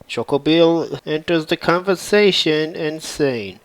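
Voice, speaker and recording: A man narrating a fan-made game story over footage, in a slow, plain retelling. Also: fairly high pitch, rough recording.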